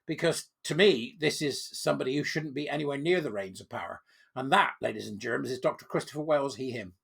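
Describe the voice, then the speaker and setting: A man's voice: medium pitch, brisk, creaky, a bit bright, breathy edge. A man hosting his own channel, reading a text aloud and commenting on it in a sarcastic, mocking way. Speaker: channel host.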